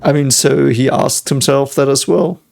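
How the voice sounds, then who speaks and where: A man with a gravelly, creaky voice gives casual reaction commentary. He muses out loud in a reflective, analytical way. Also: mid-range voice, moderate pace, soft background music. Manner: reflective, thinking aloud, analytical. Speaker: physicist reacting to an anime episode.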